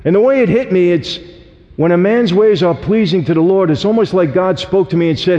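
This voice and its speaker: A man's voice: sits high, brisk, mellow. A man giving an earnest, emphatic personal testimony to an audience, telling his story straight to the listeners. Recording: dull lo-fi audio with long hall reverb.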